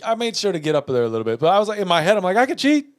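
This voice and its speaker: A man's voice: high-pitched, very animated, very fast, clear, resonant tone. A young man co-hosting a podcast, telling a story in casual, profane chat and acting out the dialogue. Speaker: podcast co-host.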